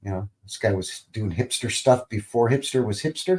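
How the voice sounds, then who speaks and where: A man in his fifties talks through old clips in a loose, meandering live-stream style, with plenty of fillers. His voice sits fairly low and unhurried, and he tosses off wry little jokes as he goes. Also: lively intonation. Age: 50s. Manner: rambling, joking asides, many fillers. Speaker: channel host. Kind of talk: casual livestream commentary over TV clips.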